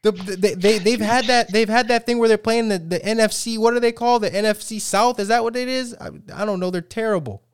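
A man's voice: high voice, fairly quick, few pauses, smooth, no echo, studio quality. Ranting man talking football. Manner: animated, ranting, many restarts. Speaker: sports podcast co-host. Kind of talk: casual sports banter.

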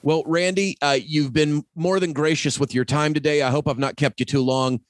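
A man's voice: a little high, steady tone, moderate pace, no echo. Folksy, enthusiastic male podcast host. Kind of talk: casual interview chat.

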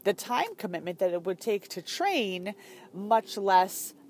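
A woman's voice: medium pitch, very animated, a little slow, a little mellow, slight background noise. A woman talking as a fitness business coach in a casual, chatty way, full of fillers and emphatic asides.

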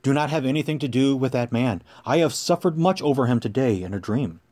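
A man's voice: mid-range voice, brisk, warm tone, close to an everyday voice. A man reading the urgent warning of a troubled governor's wife.

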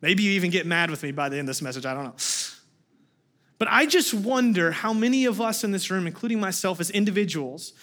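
A young man preaching a sermon as a guest speaker, telling a personal story in a casual, animated way. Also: high-pitched, fast talker. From United States. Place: church sanctuary.

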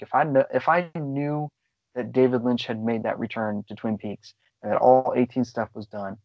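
Here the same kind of excitable co-host chats loosely about films, swearing as he goes. His pitch sits in the middle, and the close-miked, dry recording has a somewhat dull, lo-fi quality.

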